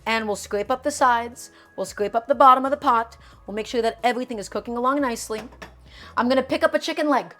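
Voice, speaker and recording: A woman with a fairly high voice leads a cooking demonstration from her home kitchen. She talks straight to her viewers, repeats each step and stresses the points she cares about. Soft music plays faintly underneath. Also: fast talker. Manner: emphatic, repeats instructions, addresses viewers directly. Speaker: cooking show host.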